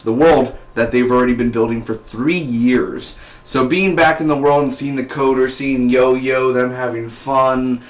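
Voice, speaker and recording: Casual male reviewer, mid-pitched, loose rambling delivery, roomy echo. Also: fairly even intonation, a little slow, hardly any pauses. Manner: rambling, heavy on "like" and "you know". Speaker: TV series reviewer.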